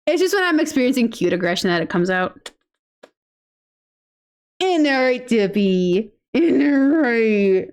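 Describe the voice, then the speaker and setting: Woman gaming streamer, lightly high, very animated, offhand swearing, baby talk for cute moments. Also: unhurried, long pauses. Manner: chatty, swears casually, coos baby talk at pets. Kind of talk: casual gameplay commentary.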